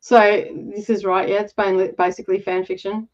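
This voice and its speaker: A woman's voice: mid-range voice, little pitch movement, normal speed, darkish tone, muffled recording. A woman co-hosting a reading livestream, giggling, chatting loosely and swearing casually. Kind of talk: casual chat.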